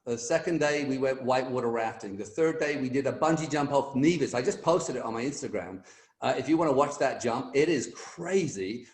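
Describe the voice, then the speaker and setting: A middle-aged man telling an energetic motivational story as a guest speaker on a team video call, acting out the voices in his anecdotes. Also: medium pitch, reverberant.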